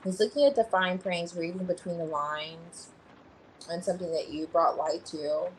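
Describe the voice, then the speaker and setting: Lady doing a tarot reading live, thinking out loud over the cards, faint hum in the background. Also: fairly low pitch, fairly even intonation, moderate pace, poor audio. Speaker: tarot reader.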